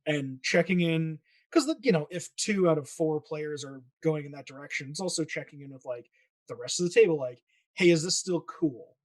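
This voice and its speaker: A man who runs tabletop games, chatting in a relaxed, easygoing way with lots of fillers. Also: on the high side, a little fast, no room sound, recorded from a distance. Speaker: game master. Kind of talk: casual chat.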